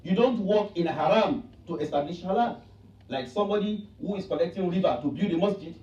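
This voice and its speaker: A man's voice: sits high, animated, fairly quick, mellow. A man giving a Friday sermon in a mosque, preaching emphatically with repeated rhetorical lines. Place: mosque prayer hall. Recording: echoey, distant, dull hall recording.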